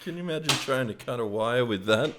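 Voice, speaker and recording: A man's voice: mid-range voice, animated, brisk, background noise. A man co-hosting a podcast in casual chat, joking and swearing freely. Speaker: podcast co-host.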